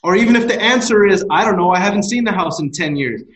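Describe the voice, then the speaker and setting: Man, high voice, emphatic and eager, repeats himself, echoing room. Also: animated, fast, fairly bright tone. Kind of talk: casual podcast conversation.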